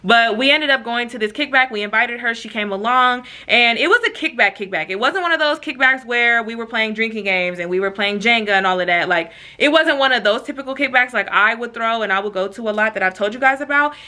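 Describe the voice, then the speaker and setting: A young woman telling a storytime vlog in casual, slangy chat, with quick asides to her viewers. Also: on the high side, pushed and bright. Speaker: vlogger.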